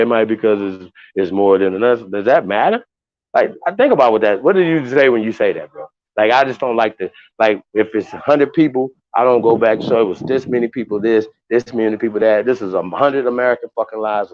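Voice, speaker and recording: A man hosts a livestream, speaking casually to viewers in a low voice. He rambles and swears heavily, restarting often as he gets heated. The sound is dry and dull, with a lo-fi quality. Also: no echo. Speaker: livestream host.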